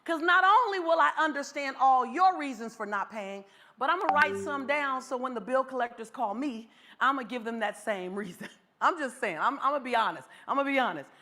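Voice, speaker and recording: A woman in her forties giving an inspirational keynote as a motivational speaker, animated and leaning on repeated rallying phrases. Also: high voice, a little fast. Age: 40s.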